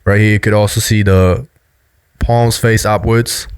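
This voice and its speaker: A man's voice: lowish voice, fairly even intonation, measured pace, clean tone. A man giving a loose, explanatory commentary on body language, full of fillers. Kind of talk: casual video commentary.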